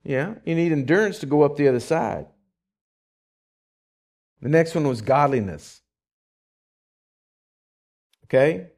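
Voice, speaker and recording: Man, pastor, lively sermon voice, slightly high, church setting. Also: takes it slowly, gravelly, long pauses. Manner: animated, conversational preaching with rising bursts.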